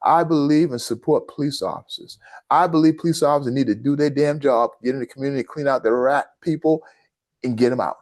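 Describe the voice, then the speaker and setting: A man's voice: medium pitch, brisk, a little mellow. Indignant male commentary host. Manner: indignant, addresses listeners as family. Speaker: host of a news commentary channel. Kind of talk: impassioned commentary addressing viewers.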